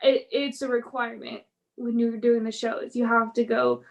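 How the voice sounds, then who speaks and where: A woman pro wrestler in a casual interview, telling stories in an animated way, acting out quotes and laughing often. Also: on the high side, normal speed.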